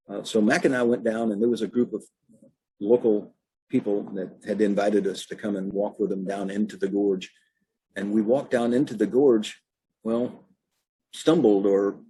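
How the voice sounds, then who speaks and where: A man, a state naturalist, giving a storytelling talk at an unhurried pace with many fillers. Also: on the low side, warm tone, husky, poor audio.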